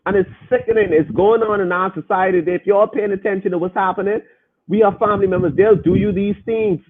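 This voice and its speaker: Emphatic high-voiced man, tinny and husky. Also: steady tone, fast. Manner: emphatic, preachy, repeats himself. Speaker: podcast host reading chat comments. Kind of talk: casual preaching commentary.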